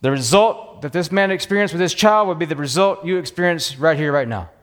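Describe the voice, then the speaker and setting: A man's voice: fairly high pitch, a little fast, fairly bright tone, in a large hall. A man with a Texan accent preaching a sermon as pastor, talking with passion and fight in a church.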